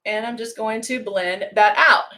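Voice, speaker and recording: A middle-aged woman hosts a makeup live stream, chatting casually as she works and greeting viewers by name. Her voice is on the high side, a little slow, and pushed and bright.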